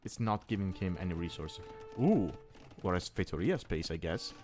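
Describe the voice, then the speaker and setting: Low-voiced caster. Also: male voice, animated, moderate pace, a little mellow, faint music behind. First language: Italian. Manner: thinking aloud, restarting words mid-phrase. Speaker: esports caster. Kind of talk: live strategy game commentary.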